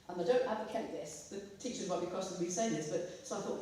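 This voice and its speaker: Storyteller, mellow low-key timbre, far off in an echoey hall. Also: quick pace, few pauses, a little hiss or hum. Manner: lively storyteller, acts out quotes. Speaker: guest speaker, former journalist. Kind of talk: anecdotal school talk. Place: school hall. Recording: echoey school hall from afar.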